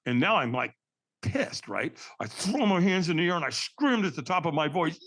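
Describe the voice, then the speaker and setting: A man's voice: sits high, very animated, normal speed, fairly bright tone, raised voice. A man on a podcast telling a story, acting out quotes in shifting voices and calling the host Doc. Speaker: podcast guest, firewalking instructor. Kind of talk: animated storytelling.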